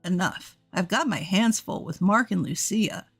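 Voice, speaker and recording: A man's voice: high voice, a little slow, fairly bright tone, husky, faint music behind, heavily acted. A woman voicing a cold, dismissive adult husband who brushes off his family in short, curt lines.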